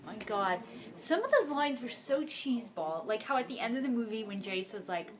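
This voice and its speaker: A young woman giving a casual video review as a book fan, animated and exasperated, with sudden rising outbursts. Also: a little high, normal speed, a crowd in the background.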